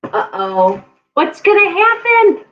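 A woman librarian reading a picture book aloud to young children in an animated, playful way. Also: very high voice, takes it slowly, muffled recording.

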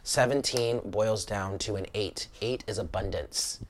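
A lowish male voice with an American accent talks straight to viewers through a tarot reading. He is blunt and swears freely, breaking into exclamations as the cards turn. A faint hiss sits under the recording. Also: unhurried. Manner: blunt and cursing, laughing and exclaiming often. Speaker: tarot reader.

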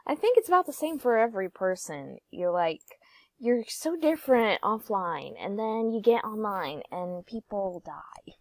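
A woman's voice: medium pitch, big pitch swings, a little slow, dry recording. A young woman giving giggly, playful gameplay commentary, sometimes singing or whispering. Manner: giggly, playful, drifts into sing-song and whispers. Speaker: gaming YouTuber.

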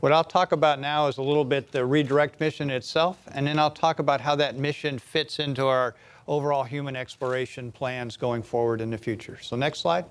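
A man presenting a mission plan in a measured, explanatory way during a technical talk. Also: medium pitch, clean tone.

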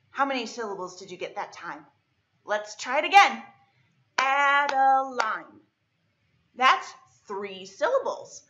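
A woman's voice: a little high, sharp tone. Librarian lady doing storytime for little kids, sing-songy, kinda muffled lo-fi audio. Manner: slow, exaggerated clapping of syllables; sing-song, cheerful teacher voice addressing young kids. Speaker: children's librarian leading storytime. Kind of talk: children's storytime lesson.

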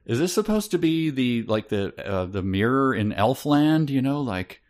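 A man's voice: medium pitch, sing-song, moderate pace, a little mellow. A man co-hosting a casual book podcast, reading passages aloud and poking fun at them with dry sarcasm. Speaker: podcast co-host. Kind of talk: casual book-review chat.

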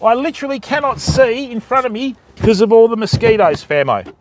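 A man's voice: extremely high pitch, sing-song, fairly quick, a little hiss or hum. An Australian man live-streaming outdoors at night in the rain, chatting casually with his viewers and calling them fam.

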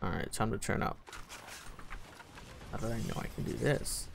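A gaming channel host giving excitable gameplay commentary, swearing often and yelping at what happens in the game. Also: mid-range voice, moderate pace, creaky, noisy background. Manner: excitable, swears a lot, yelps and laughs at the game.

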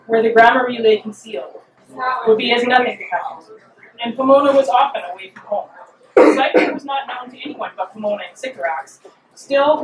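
A woman author reading her own fiction aloud at a live event, measured and expressive. Her voice sits fairly high and reaches the mic from a distance. A roomy, echoing venue adds a faint hum behind her. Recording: roomy hall, mic from afar.

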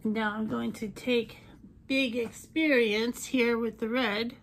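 A chatty woman demonstrating makeup in a relaxed tutorial. Her voice sits a bit higher than most. She talks playfully and drops jokey asides, with a faint hiss behind her. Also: takes it slowly. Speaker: beauty vlogger. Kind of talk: casual makeup tutorial chat.

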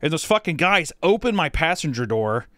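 A man's voice: on the high side, very animated, normal speed, a bit bright, no echo, studio quality. A man co-hosting a podcast, telling a story casually and profanely, rambling with lots of fillers. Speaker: podcast co-host.

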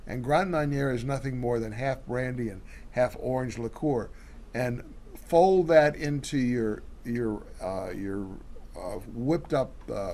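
A man's voice: medium pitch, a little mellow. A man co-hosting a casual cooking show, walking through recipes step by step with many fillers and restarts.

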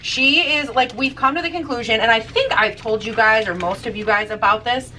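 Young woman vlogger, slightly high voice, sassy and chatty with casual swearing, talking in a home kitchen. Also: a little fast, pushed and bright, distant mic, a little hiss or hum, poor audio. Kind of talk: casual chat while baking.

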